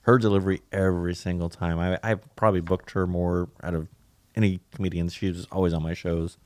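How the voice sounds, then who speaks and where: A man with a very deep voice talks in a relaxed, easygoing way as a podcast guest. The sound is close and dry, with no room. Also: a little fast, dry recording. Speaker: guest, comedy show producer. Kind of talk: casual interview chat.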